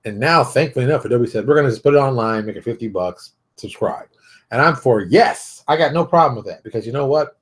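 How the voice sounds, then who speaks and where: A middle-aged man hosting a show, giving blunt, animated advice in a casual monologue. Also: medium pitch, fast talker. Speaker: show host.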